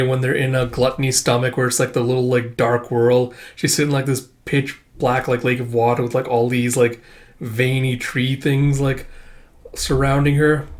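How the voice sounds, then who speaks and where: A man talks his way through a comic read-through in a loose, rambling style full of fillers and offhand swearing. His voice sits at an ordinary mid pitch for a man. He comes across as casual and unpolished. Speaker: manga read-through channel host. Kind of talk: casual reading commentary.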